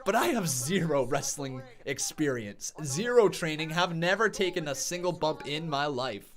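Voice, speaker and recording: A man's voice: a little high, expressive, moderate pace, fairly bright tone. A man hosting a live wrestling watch-along stream, calling the action play-by-play, reading chat comments aloud and laughing often.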